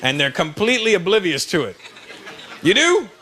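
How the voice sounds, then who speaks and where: A man's voice: high voice, sing-song, normal speed, bright, forceful tone. A male stand-up comedian, brash and teasing the crowd, on a noisy live stage recording.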